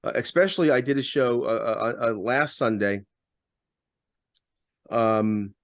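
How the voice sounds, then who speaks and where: A man's voice: mid-range voice, a little slow, dry recording, clean studio sound. Emphatic male talk-show co-host. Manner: emphatic, repeats words when building a point. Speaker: radio host and podcast co-host. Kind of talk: casual political talk.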